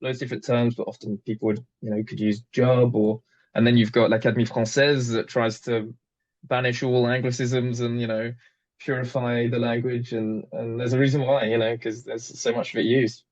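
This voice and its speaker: A man's voice: medium pitch, level tone, moderate pace, darkish tone. Chatty Englishman with a dull lo-fi sound. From England. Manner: chatty, hesitant, many fillers and restarts. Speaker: guest. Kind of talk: casual interview conversation.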